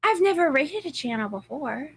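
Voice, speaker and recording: A woman's voice: high-pitched, animated, moderate pace, no echo. A woman co-hosting a game stream, joking around in casual banter. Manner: playful, joking.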